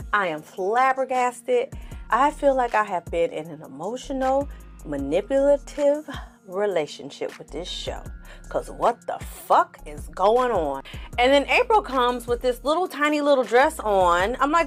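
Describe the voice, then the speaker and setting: A woman's voice: a little high, big pitch swings, unhurried, a bit bright, faint music behind. A woman giving a casual reaction commentary on a TV show, blunt and sassy, swearing freely and talking straight to her viewers. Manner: talks straight to the audience. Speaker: TV reviewer.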